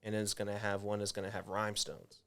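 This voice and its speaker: Laid-back young man, smooth low voice. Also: flat delivery, fast, a bit bright, no echo. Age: 20s. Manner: laid-back, rambling with many fillers. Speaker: podcast guest, clothing designer. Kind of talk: casual chat.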